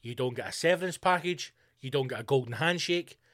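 A man's voice: medium pitch, fairly quick, a bit bright, no room sound, clean studio sound. A man hosting a solo podcast, ranting with lots of swearing and sarcastic asides. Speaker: podcast host.

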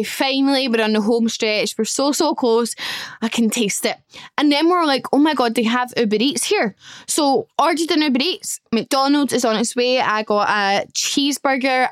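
Chatty young woman, smooth higher voice. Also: no room sound, studio quality. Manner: chatty, gushing, swears casually. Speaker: podcast host. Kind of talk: casual solo storytelling.

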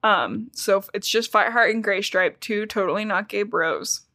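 A woman hosting a casual book-recap podcast, swearing freely and retelling scenes with animated, giggly energy. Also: mid-range voice, moderate pace, dry recording, studio quality. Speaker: podcast host.

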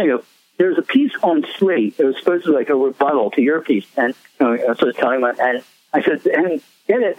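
A man's voice: on the high side, no echo. A man, a musician guest, telling rambling stories in a casual interview, laughing often. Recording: tinny phone line, dry.

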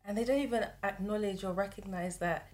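A young woman, chatting in an animated, joking way as a podcast co-host, giggling often. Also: mid-range voice, a little fast. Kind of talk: casual chat.

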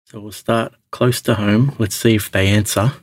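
A man's voice: fairly low pitch, steady tone, normal speed, no echo, studio quality. An Australian man hosting a podcast call-in show, chatting in a laid-back, matey way. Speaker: podcast host. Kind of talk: casual call-in chat.

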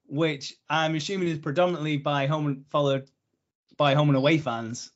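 A man's voice: a little high, steady tone, normal speed, dull audio. A man hosting a podcast in casual banter, joking and laughing often. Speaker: podcast host.

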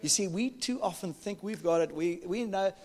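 Pastor preaching in a reverberant hall. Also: male voice, sits high, normal speed. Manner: animated storytelling, jokes with the congregation. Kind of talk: sermon.

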